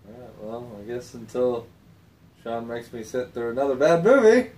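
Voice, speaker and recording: A man's voice: medium pitch, big pitch swings, normal speed, darkish tone. A man hosting a casual chat about movies, laid-back, with short agreeing replies and some swearing. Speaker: host. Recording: roomy sound from a distant mic, faint noise.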